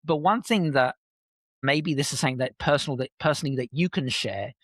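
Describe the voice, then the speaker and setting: A man's voice: medium pitch, brisk, no echo, studio quality. A man hosting an interview who asks long, rambling questions and restarts them often. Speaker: host.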